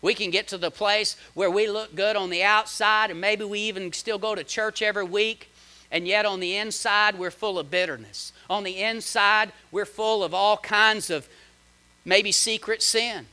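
Bright, high-voiced man preaching dramatically. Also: steady tone, moderate pace, clear, resonant tone. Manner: dramatic preaching with big swings in loudness and pitch; reads scripture aloud and comments on it. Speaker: pastor. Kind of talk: sermon.

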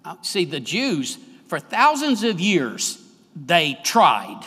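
A middle-aged man preaching a sermon as pastor, emphatic with big swings between soft and loud. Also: high voice, very animated, slow, husky. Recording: long church hall reverb.

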